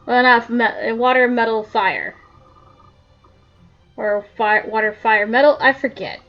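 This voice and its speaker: A woman's voice: a little high, fairly even intonation, measured pace, pauses often, fairly bright tone, faint music behind. A woman commentating her own game playthrough, muttering to herself in frustration as she gets stuck. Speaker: gamer. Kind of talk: let's play commentary. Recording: dull lo-fi audio.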